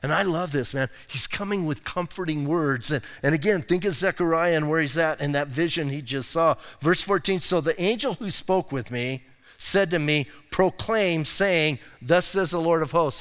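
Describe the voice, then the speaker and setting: A male pastor with a fairly high, smooth and resonant voice delivers a sermon in an easygoing, chatty manner, dropping in slangy asides. The sound carries a long reverb, as in a church hall. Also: a bit bright. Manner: casual, conversational preaching with slang asides. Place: church sanctuary.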